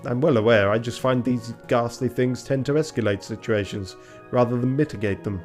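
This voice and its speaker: A man's voice: mid-range voice, a little fast, darkish tone, faint music behind, natural voice. A man voicing a fussy, polite male rooster lawyer with a prim, formal delivery.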